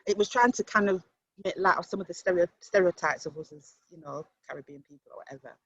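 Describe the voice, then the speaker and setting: Woman panelist, casual stream chat, reflective and earnest, slightly breathy, muffled sound. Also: fairly low pitch, fast, no echo. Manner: earnest, reflective, thinking aloud. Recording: dull lo-fi stream audio.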